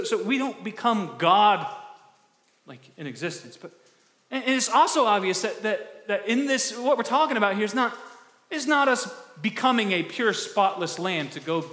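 A male pastor preaching a conversational sermon, asking the congregation questions and restarting words in quick bursts. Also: high voice, sharp tone. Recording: echoey hall with long reverb.

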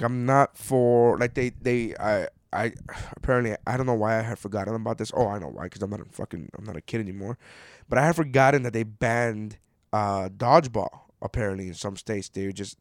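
A man in his thirties ranting casually, cursing often and swinging from low mutters to loud outbursts. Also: no room sound, clean studio sound. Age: 30s. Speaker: commentator reading an article. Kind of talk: casual rant.

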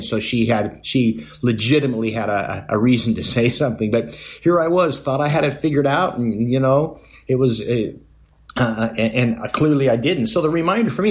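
A middle-aged man hosting a podcast, telling personal stories in a casual, rambling way, with lots of fillers and restarts and a self-mocking tone. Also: medium pitch. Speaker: podcast host. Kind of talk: casual storytelling monologue.

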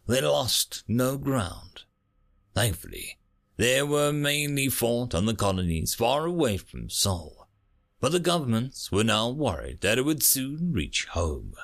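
Lively male audiobook narrator. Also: slow, creaky. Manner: expressive reading with lively pitch. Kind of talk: story narration.

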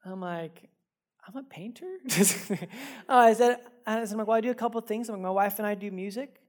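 A man's voice: high-pitched, fairly even intonation, fast talker. A male pastor giving a sermon to a live congregation in a church. He tells personal stories in a casual, conversational way with self-deprecating humor, often repeating words as he goes. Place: church service before a congregation.

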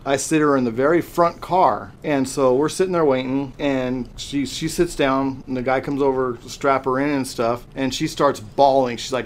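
Man telling a lively ride story. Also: medium pitch, normal speed, few pauses, a little hiss or hum. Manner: animated storyteller who acts out quoted voices; emphatic and repetitive when making a point. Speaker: guest, former theme park employee. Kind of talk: casual podcast storytelling.

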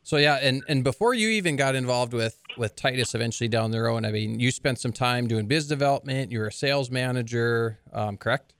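A man's voice: mid-range voice, a little fast, hardly any pauses, fairly bright tone, clean tone, dry recording. A man hosting a podcast interview, easygoing and laughing along with his guest. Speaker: podcast host. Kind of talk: interview questions.

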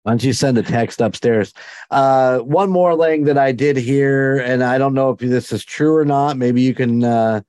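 A man's voice: medium pitch, moderate pace, a little mellow, clean tone, no echo. A man hosting a podcast in casual chat, enthusiastic and rambling. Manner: enthusiastic, rambling, many restarts. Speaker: podcast host.

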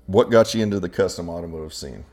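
A man's voice: sits low, fast, darkish tone. A man from Idaho hosting a podcast, chatting casually and telling jokey stories with frequent laughter. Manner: joking storyteller, laughs often. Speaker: podcast host. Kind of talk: casual chat.

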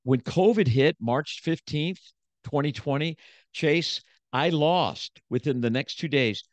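A man's voice: on the high side, slow, dry recording. A man who is a motivational speaker and preacher, telling his story in a casual podcast interview with emphatic, repetitive phrasing.

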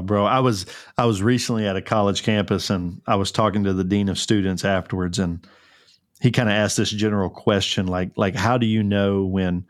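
A man's voice: sits low, dry recording. Earnest man, dry close podcast mic. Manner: earnest, fervent, many restarts and fillers. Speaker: podcast co-host. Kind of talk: casual conversational podcast.

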